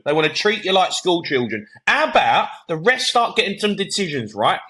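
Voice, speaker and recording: A man's voice: high-pitched, sharp tone. A man co-hosting a football podcast, heated and ranting, swearing and talking over his co-host with punchy repeated phrases.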